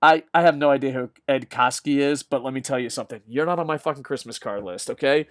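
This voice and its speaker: A man's voice: medium pitch, a bit bright, no room sound, clean studio sound. A man hosting a combat sports news show, delivering a jokey, profane rant of casual commentary. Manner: mocks others with quick put-on voices.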